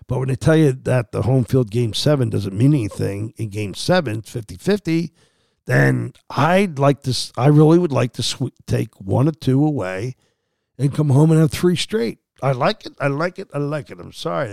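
A man's voice: mid-range voice, creaky, a little mellow, no echo, clean studio sound. A man hosting a sports podcast, rambling through a casual monologue with many fillers and restarts.

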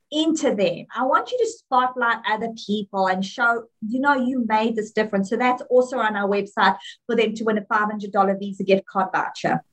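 A woman's voice: fairly high pitch, rough recording. A woman with a South African accent, a podcast guest talking effusively and laughing often in a casual interview. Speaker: podcast guest, jewelry business owner.

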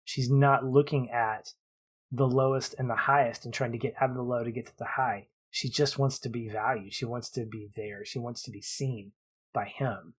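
A man's voice: medium pitch, fairly even intonation, normal speed, husky. A man co-hosting a podcast, building his points about a film in long, thoughtful runs. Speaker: podcast co-host. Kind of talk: casual film discussion.

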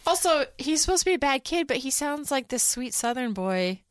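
A woman co-hosting a casual podcast, talking in an animated, sarcastic way and often mimicking the people she quotes. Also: high-pitched, a little fast, smooth, no echo, studio quality. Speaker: podcast co-host.

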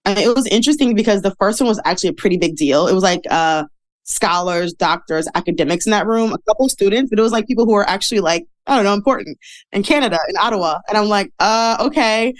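A woman in her thirties with a mid-range voice talks at a quick pace as an interview guest. She tells her story candidly and chattily, poking fun at herself, with plenty of fillers and laughter.

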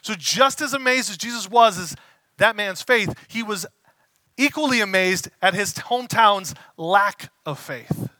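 A man preaching a conversational sermon as a pastor, casual and animated, acting out the voices he quotes. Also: high voice, measured pace, no room sound.

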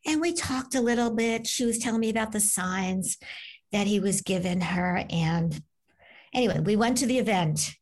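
A woman author appears as a guest, chatting and telling stories in a medium-pitched voice at a normal pace. Her conversational storytelling is animated, and she acts out the voices in her tales.

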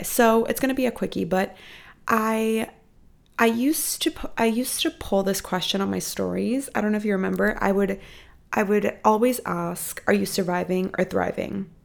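Gravelly-voiced woman giving a profane pep talk. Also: medium pitch. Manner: expressive, profane, animated emphasis. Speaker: podcast host. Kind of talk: casual motivational pep talk. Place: apartment room at home.

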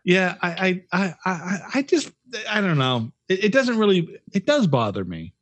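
A man's voice: sits high, very animated, moderate pace, no room sound. A man co-hosting a podcast in casual chat, ranting bluntly and swearing a lot. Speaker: podcast co-host.

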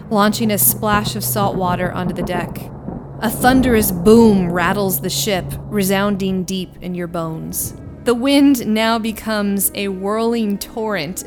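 Woman game master narrating a tabletop game. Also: mid-range voice. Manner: vivid descriptive narration.

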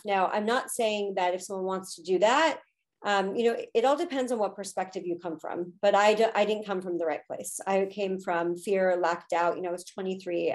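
A woman in her thirties, a podcast guest, telling a personal story in a candid, emotional way with frequent fillers. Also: mid-range voice. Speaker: podcast guest, spiritual teacher.

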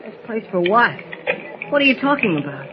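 An actor playing a plucky, excitable teenage boy sidekick, in 1940s radio acting. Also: high voice, moderate pace. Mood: anxious. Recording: hissy dull old radio recording.

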